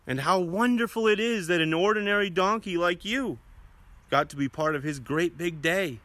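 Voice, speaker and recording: A gentle, comforting mother donkey, as a man puts her on for a children's story. The voice is soft and soothing, not far from his own. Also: high voice, moderate pace, dry recording. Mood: tender.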